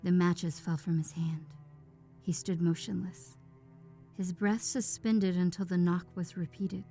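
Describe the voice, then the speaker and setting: Hushed woman narrating horror. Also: lowish voice, fairly even intonation, a little slow. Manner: hushed, often dropping to a whisper. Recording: faint background music.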